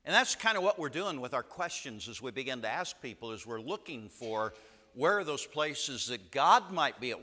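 A man preaching a sermon, telling stories in an emphatic way with dramatic pauses. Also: medium pitch, sharp tone, big-room sound.

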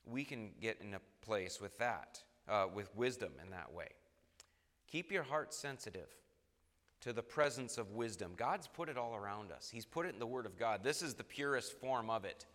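A man's voice: on the low side, animated, moderate pace, fairly bright tone, big-room sound. A man preaching a sermon, emphatic and repeating phrases for stress.

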